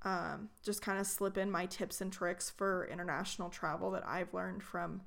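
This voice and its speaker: A woman's voice: lowish voice, moderate pace, gravelly. Young woman co-hosting, chatty travel tips, gets all mock-furious telling stories. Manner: animated, mock-outraged storytelling. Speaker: podcast co-host. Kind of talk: casual chat.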